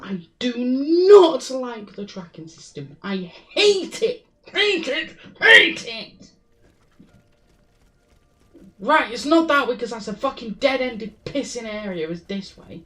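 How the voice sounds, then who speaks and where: Female streamer, slightly high voice, exasperated running commentary full of swearing. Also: very animated, unhurried, far from the mic. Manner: frustrated, swearing, talking to herself. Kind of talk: live gameplay commentary.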